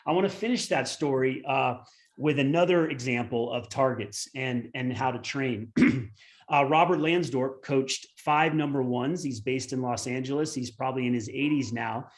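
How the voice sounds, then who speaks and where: A man's voice: mid-range voice, normal speed. Brief: forties male coach, earnest rambling storyteller, webinar. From United States. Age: 40s. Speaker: tennis coach and former pro.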